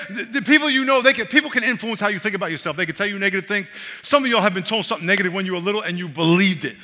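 A middle-aged man delivers a sermon with a bright, forceful tone that sits slightly high. He repeats phrases for emphasis and keeps asking if people are following. The sound carries a long reverb, like a large church hall. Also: very fast, hardly any pauses. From New York. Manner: animated, repeats phrases, asks the congregation to follow along. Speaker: pastor.

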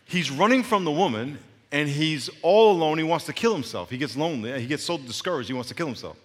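Middle-aged male pastor, sermon delivery with congregation call-and-response and hushed asides; recorded in a reverberant sanctuary. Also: on the high side, expressive, fast talker. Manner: preaches with call-and-response, drops to a hushed near-whisper to make a point. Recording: long reverb of a large hall.

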